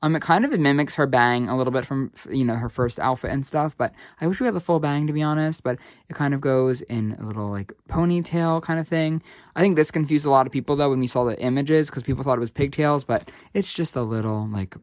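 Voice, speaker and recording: A man's voice: mid-range voice, fairly quick, dry recording. Gushing young man, dry sound. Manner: gushing, excitable, filler-heavy. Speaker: doll reviewer. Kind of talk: casual unboxing review.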